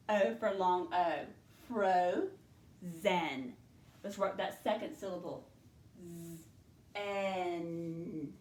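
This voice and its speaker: A woman teaching a spelling lesson to young learners, sounding out each letter and syllable slowly and patiently. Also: mid-range voice, reverberant.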